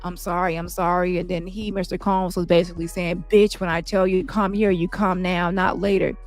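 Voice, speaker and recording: A woman reading the part of a man testifying in court, recounting events in a plain, halting way, with faint music behind. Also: lowish voice, level tone, natural voice. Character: shaken male witness testifying at trial.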